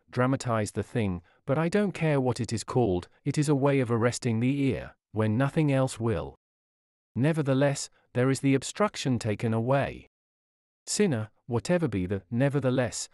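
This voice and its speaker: A man reading a sermon aloud in an earnest, dramatic, deliberate manner. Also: medium pitch, darkish tone, dry recording, clean studio sound. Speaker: sermon reader.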